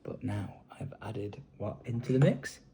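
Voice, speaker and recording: A man's voice: on the low side, unhurried, gravelly, warm tone, husky. A man chatting casually and joking through a home family vlog. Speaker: family vlogger.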